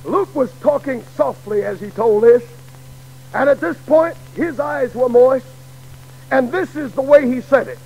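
Gravelly high-voiced preacher, slow and dramatic. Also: male voice, rough recording. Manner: dramatic, rising to shouts. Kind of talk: sermon. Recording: old radio broadcast.

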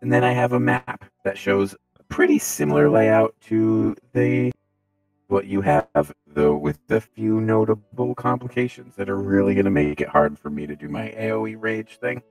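A man with a fairly low voice recapping a tabletop session from his notes, rambling and restarting his sentences. He talks over a video call with clear music playing behind him. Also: normal speed, low-quality recording. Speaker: player. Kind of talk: casual recap of a tabletop game.

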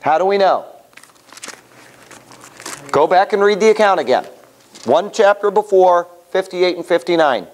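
A man's voice: high-pitched, animated, measured pace, long pauses. A man leading a Bible study class in a conversational way, asking the class questions as he teaches. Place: room with a small class.

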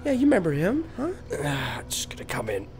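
A man's voice: on the high side, huge pitch swings, a little fast, music in the background. A man improvising a comedic dad role-play while playing a VR game, swinging between coaxing and panicked outbursts. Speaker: VR game streamer.

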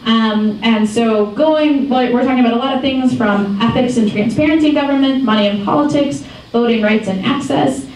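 A young woman from Michigan giving a casual, animated talk to a room, telling stories with many ums and likes. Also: on the high side, moderate pace, a little hiss or hum. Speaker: activist speaker. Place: meeting room. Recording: echoey room from far off.

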